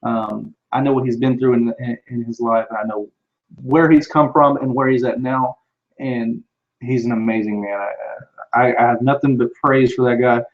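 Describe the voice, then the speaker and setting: A man, likely in his thirties, hosts a live show and fields viewer questions in a casual live-stream chat, rambling with frequent restarts and fillers. His medium-pitched voice keeps fairly even intonation at a moderate pace. A computer microphone gives the audio a narrow, tinny quality.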